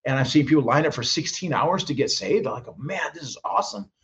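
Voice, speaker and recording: A man's voice: mid-range voice, lively intonation, quick pace, a bit bright. A man guest minister telling stories in an interview, acting out quoted voices with frequent restarts. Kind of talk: animated storytelling interview.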